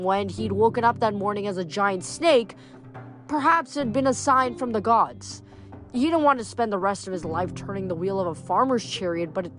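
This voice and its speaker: Young woman reading a novel aloud. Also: medium pitch. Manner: casual recap with fillers. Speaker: book reader.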